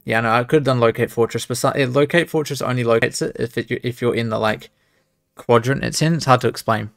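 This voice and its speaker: A man's voice: mid-range voice, quick pace, creaky, a bit bright. A young man streaming, talking to himself as he plays a speedrun, muttering and exclaiming at the game. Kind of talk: live commentary while speedrunning a game.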